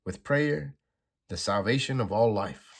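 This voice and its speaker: Guy reading solemn old cosmic guardian, low, measured, kinda tired. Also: lively intonation, creaky, heavily acted. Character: ancient dying cosmic guardian, solemn and weary.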